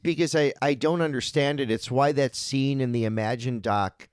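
A candid, outspoken man chatting casually as a podcast co-host. His voice sits at an ordinary middle pitch and sounds dry and close, with no room echo. He talks bluntly, sometimes swearing and cracking jokes. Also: normal speed, smooth. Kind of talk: casual chat.

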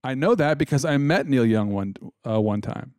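A man's voice: medium pitch, expressive, normal speed, darkish tone, no echo, clean studio sound. A man telling a rambling, joking story in casual chat, with lots of restarts. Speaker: podcast co-host.

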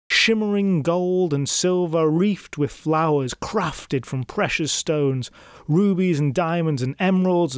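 A man's voice: on the high side, smooth, no echo, clean studio sound. A man narrating a folklore tale in scripted style, dramatic with wry asides to the listener. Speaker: storyteller host.

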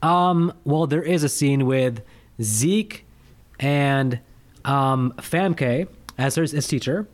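A man speaks slowly in a mid-range voice while co-hosting a casual movie review podcast. Still, he's animated and jokey, ranting with rising emphasis.

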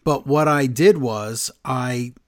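A man's voice: mid-range voice, takes it slowly. Sarcastic man chatting about wrestling. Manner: sarcastic, does mocking impressions. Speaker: podcast co-host. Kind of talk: casual wrestling chat.

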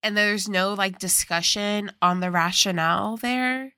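A woman's voice: mid-range voice, steady tone, unhurried, bright, forceful tone, clear, resonant tone, no echo. A woman co-hosting a podcast, chatting casually as she explains the plot of a movie. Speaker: podcast co-host. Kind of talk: casual chat recapping a movie.

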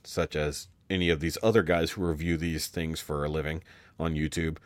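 A man's voice: low voice, dry recording. A man co-hosting a podcast in casual chat, rambling and swearing with many restarts. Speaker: podcast co-host.

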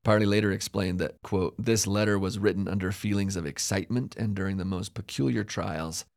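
A man's voice: deep voice, fairly even intonation, brisk, creaky, a little mellow, no room sound, clean studio sound. A man co-hosting a conversational podcast, recounting events reflectively with hedges and asides. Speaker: podcast co-host. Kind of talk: casual conversational history discussion.

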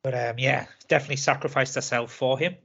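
A man's voice: medium pitch, fairly even intonation, fast talker, gravelly, a bit bright, breathy edge, muffled recording. A man chatting casually on a film podcast, recapping scenes with laughter and swearing. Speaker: podcast co-host.

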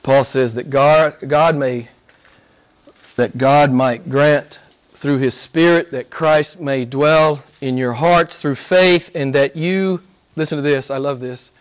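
A man preaching a sermon and praying to a live congregation, earnest, slowing down and stretching key words for emphasis. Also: mid-range voice, smooth.

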